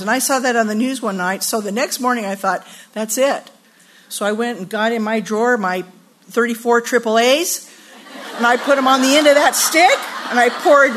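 A woman's voice: high-pitched, noisy background. A woman in her sixties speaking at a women's retreat, telling funny stories with laughter and then teaching scripture earnestly. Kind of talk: storytelling sermon.

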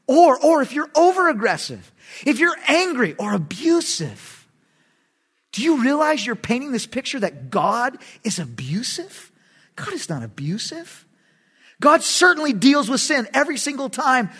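A middle-aged man, a pastor preaching a sermon in an animated, emphatic way, with sudden loud bursts. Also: very high-pitched, slightly rough.

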